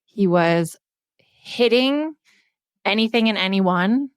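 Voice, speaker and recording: A woman's voice: mid-range voice, lively intonation, takes it slowly, smooth, dry recording, studio quality. A woman in her thirties, co-hosting a podcast, candidly retelling a story with casual swearing. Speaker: podcast co-host.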